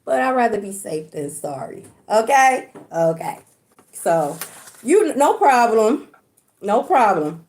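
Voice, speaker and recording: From indoors at home, a woman gives a casual spiritual reading on a livestream, talking chattily and colloquially to viewers, often checking in with "okay?" and cursing casually. Her voice is medium in pitch, animated, a little slow and a little mellow.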